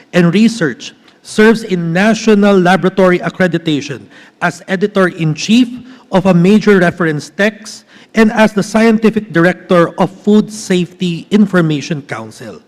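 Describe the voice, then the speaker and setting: High-pitched male host reading a speaker intro, halting, echoey hall. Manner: reads with hesitations and restarts. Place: large conference hall. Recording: long hall reverb.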